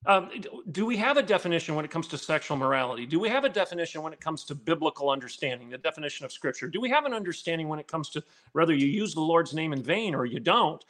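A man's voice: on the high side, expressive, fast, a bit bright. A man, a former college dean, telling a story in a podcast interview and building to pointed rhetorical questions.

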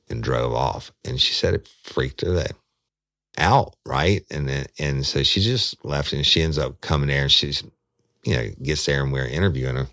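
A man's voice: rumbling low, gravelly, fairly bright tone, no echo, studio quality. A man casually recounting a detective case, rambling off into road directions and swearing freely. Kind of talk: casual spoken storytelling.

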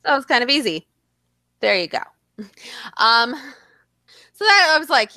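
A woman in casual chat, animated and blunt, swearing freely. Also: fairly high pitch, normal speed, long pauses, dry recording, studio quality.

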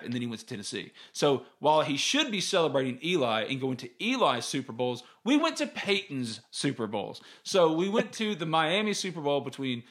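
A man's voice: medium pitch, fairly bright tone. A man, hosting a casual sports podcast and telling stories in a candid, rambling way. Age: 30s. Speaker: podcast host.

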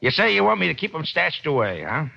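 A gruff police lieutenant, with a gravelly voice and a sarcastic bite. His pitch moves a lot. It sounds like a lo-fi old radio recording. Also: sing-song, fast talker, sharp tone, heavily acted. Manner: sarcastic, grumbling. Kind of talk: 1940s radio acting.

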